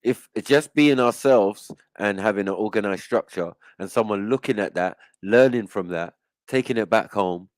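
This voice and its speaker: Deep-voiced man explaining at length. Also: moderate pace, no echo. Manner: explains at length, checks in with "right?" and "you get me". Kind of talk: casual panel discussion.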